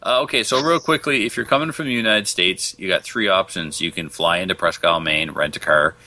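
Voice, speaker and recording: A man's voice: deep voice, fairly quick, pushed and bright, a little hiss or hum. A man co-hosting a casual podcast, chatting in an easygoing way and laughing easily. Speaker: podcast co-host.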